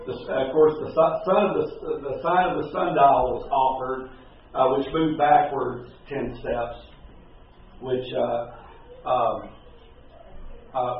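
A man teaching a Bible class in a conversational, halting way, full of fillers and restarts. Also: medium pitch, slight background noise. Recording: distant, very echoey, phone-like room recording.

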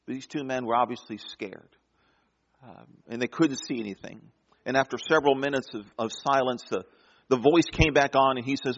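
Pastor telling a story in a sermon. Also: male voice, mid-range voice, sing-song, in a large hall, muffled recording. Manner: storytelling, dramatic pauses and soft drops.

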